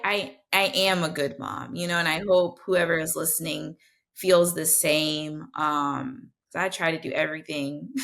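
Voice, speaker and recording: Candid woman with a gravelly edge. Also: deep voice, bright, forceful tone. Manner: earnest, heartfelt, many restarts. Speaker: guest, registered nurse. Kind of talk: candid conversational storytelling.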